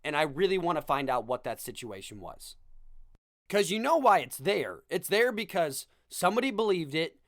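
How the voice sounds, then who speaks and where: In a clean studio recording with no echo, a young male podcast host delivers a sarcastic comedic rant full of self-deprecating asides. His voice runs on the high side with big pitch swings, and he speaks at a moderate pace.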